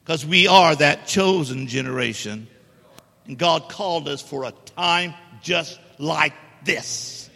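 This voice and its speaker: A middle-aged man preaches with a high, sharply bright voice, pressing his points hard and teasing the congregation. The sound rings with long church hall reverb. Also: takes it slowly, gravelly. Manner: emphatic, joking with the congregation. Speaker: guest preacher. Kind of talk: sermon. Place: church sanctuary.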